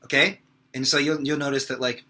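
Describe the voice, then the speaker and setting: A young man gives a casual vocal lesson with sung examples, speaking briskly in a medium-pitched, level tone over loud music. He fills the gaps between his demonstrations with lots of fillers.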